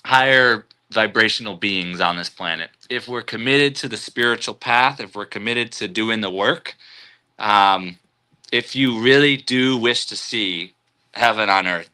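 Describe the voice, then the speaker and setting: A man hosting a live stream, reading out chat comments and musing in a relaxed, spiritual way, chuckling often. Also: fairly low pitch.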